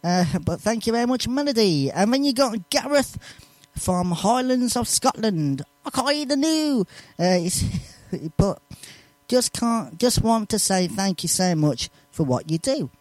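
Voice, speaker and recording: A male radio presenter, reading out listener messages in a chatty, animated way and laughing between lines. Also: high-pitched, unhurried, dry recording. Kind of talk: live radio shout-outs.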